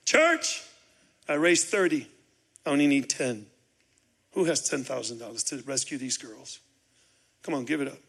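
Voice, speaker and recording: A man's voice: mid-range voice, moderate pace, gravelly, pauses often, husky. A man preaching as a guest pastor, telling a story with acted-out dialogue and building into fervent preaching. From Chicago. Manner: animated, acts out dialogue, builds to shouted preaching. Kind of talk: sermon storytelling.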